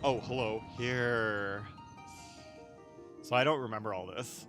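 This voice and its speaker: A man's voice: lowish voice, fairly even intonation, slow pace, music in the background. A man casually commenting on a game as he plays, rambling with fillers and frequent laughs. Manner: rambling and giggly, many fillers and asides. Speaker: gaming streamer. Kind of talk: casual let's-play commentary.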